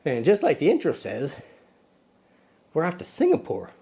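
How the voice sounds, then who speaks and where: With a fairly high, dark-toned voice full of huge pitch swings, this camera channel host talks at normal speed. He's playful and teasing toward a little sidekick, joking loosely and rambling with lots of ums and corrections of himself.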